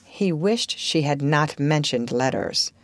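Woman, storybook narration, expressive, lowish voice, dry close recording. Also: takes it slowly, no room sound. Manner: expressive, varied storytelling delivery.

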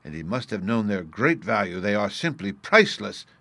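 A kindly elderly nobleman who is quick to get excited and speaks a touch louder, as a male reader voices him. He is earnest rather than grand. The sound is dry and close. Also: on the low side, no room sound.

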